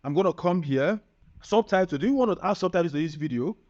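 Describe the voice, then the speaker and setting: A man presenting a screen-recorded software tutorial, upbeat and chatty, often checking in with the viewer. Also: sits high, expressive, fast. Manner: upbeat, chatty, keeps asking "right?". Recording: muffled lo-fi sound.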